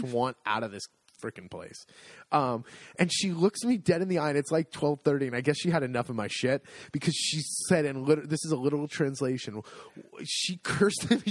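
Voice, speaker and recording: A man's voice: a little high, no room sound. A middle-aged man telling a story in casual chat, acting out the dialogue and laughing as he goes. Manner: animated, acts out dialogue, laughs often.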